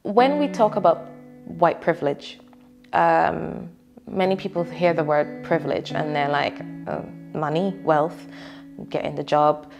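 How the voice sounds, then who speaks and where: A woman from England talks slowly in a documentary interview, her voice on the low side. She is measured and thoughtful, with an easy laugh. Faint music sits behind her.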